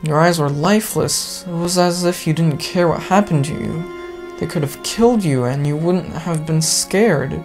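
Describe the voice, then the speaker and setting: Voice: mid-range voice, normal speed, over music, natural voice. A gamer reading out the lines of a remorseful teenage girl who confesses her love, earnest and apologetic, as visual novel dialogue.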